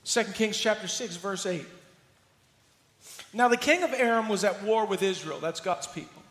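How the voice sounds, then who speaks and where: A man preaching a sermon as pastor, telling the story in an animated, playful way and acting out scenes. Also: sits high, normal speed. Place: church sanctuary. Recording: roomy hall reverb.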